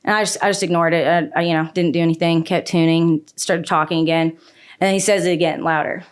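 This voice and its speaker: A young Canadian woman, a country singer, talking as a guest on a podcast with blunt, profane, animated storytelling. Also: fairly low pitch, fast talker, clean tone. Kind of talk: casual podcast chat.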